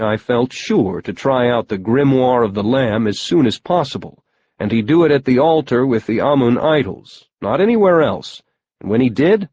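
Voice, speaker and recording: A man's voice: medium pitch, darkish tone, dry recording, lo-fi sound. Man narrating a wry first-person audiobook.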